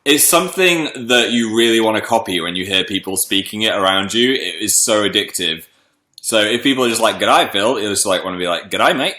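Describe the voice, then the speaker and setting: A young man with a bright, forceful voice hosts a casual livestream and rattles off viewers' names in greeting. He sounds slightly stuffed up from a cold. The room around him is echoey. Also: fairly low pitch, animated, a little fast. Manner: chatty, greets viewers by name. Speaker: livestream host.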